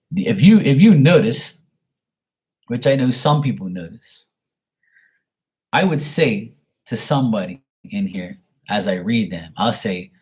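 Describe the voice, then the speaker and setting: A man's voice: medium pitch, a little mellow. Man, psychic stream host; blunt, rambling, profane, casual. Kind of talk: casual livestream talk.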